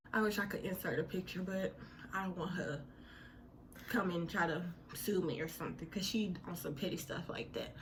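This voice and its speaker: A young woman telling a personal story in a casual, animated way, full of slang and dramatic retellings. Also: mid-range voice, brisk, slight background noise.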